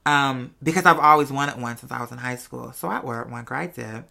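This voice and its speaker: A man's voice: mid-range voice, fairly quick, creaky. A young man hosting a podcast, chatting expressively to listeners in a casual storytelling style. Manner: expressive and chatty, addresses listeners as y'all and girl. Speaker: podcast host.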